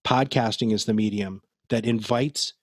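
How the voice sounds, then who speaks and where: A man's voice: fairly low pitch, steady tone, moderate pace, breathy edge, dry recording. A man speaking as a guest in a casual podcast interview, chatty and laughing as he tells stories. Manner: chatty, laughing, many fillers and restarts. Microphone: headphones and studio mic.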